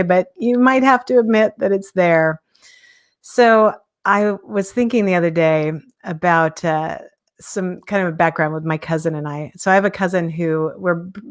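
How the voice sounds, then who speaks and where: A woman in her fifties, a podcast host, talking candidly in a casual live-stream monologue, self-deprecating and chuckling often. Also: on the low side. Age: 50s.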